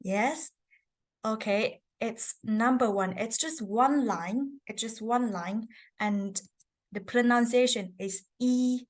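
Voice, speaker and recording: A woman's voice: fairly high pitch, takes it slowly. A woman, teaching a beginners' lesson on characters and tones, patiently explaining step by step. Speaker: language teacher. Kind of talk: presenting a Chinese lesson.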